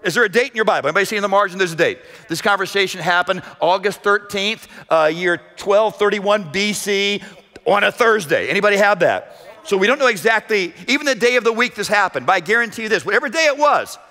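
Pastor, male, high bright delivery, dramatic sermon with sudden shouts and hushed drops, church hall reverb. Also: lively intonation, fast. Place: church sanctuary. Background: long hall reverb.

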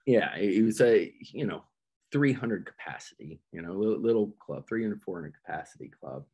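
A middle-aged man telling stories on a podcast in a casual, animated, profane way. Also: moderate pace, breathy edge. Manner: animated, profane, jumps into high-pitched quoted voices. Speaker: podcast guest, metal vocalist. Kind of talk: casual storytelling chat.

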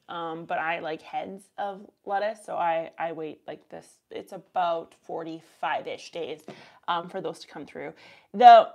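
A woman's voice: mid-range voice, darkish tone. A woman in her thirties with a Canadian accent, hosting a live gardening Q&A stream in a chatty, rambling way and reading viewer comments aloud. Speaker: host.

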